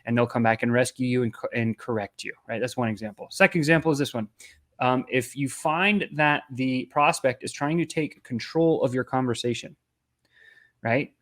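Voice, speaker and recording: A man's voice: medium pitch, normal speed, a bit bright. A man giving an instructional sales-coaching talk in a conversational way, often tagging his points with "right?".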